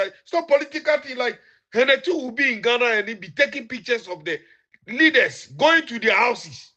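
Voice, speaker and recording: A man's voice: extremely high pitch, moderate pace, pushed and bright, dull audio. A man ranting in an accusing way, repeating rhetorical questions. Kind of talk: heated rant.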